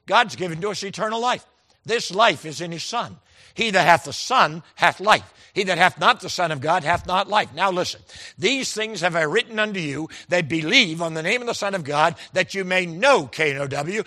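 A man's voice: high voice, sharp tone. A man preaching a sermon, telling folksy stories with quoted dialogue and stressing key words emphatically.

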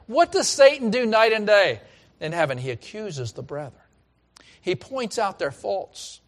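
Male pastor, slightly high voice, animated sermon delivery with loud-soft swings and repeated phrases. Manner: animated preaching, swings from loud emphasis to hushed asides; repeats phrases, frequent restarts.

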